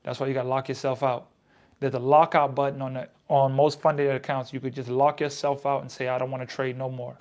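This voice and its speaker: An American man with a medium-pitched, slightly mellow voice speaks fairly quickly with little pitch movement. In casual, reflective self-talk, he reads trading advice aloud, then comments on it in his own words and repeats lines for emphasis.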